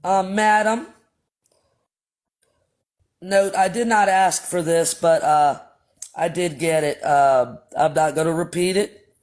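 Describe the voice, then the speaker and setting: A man hosts a casual livestream, speaking in a voice that sits a bit higher than most men's. He tells his story bluntly, swears freely and keeps addressing his viewers directly. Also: slow pace, pauses often, a little mellow. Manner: blunt and profane, addresses chat as y'all. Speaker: livestream host.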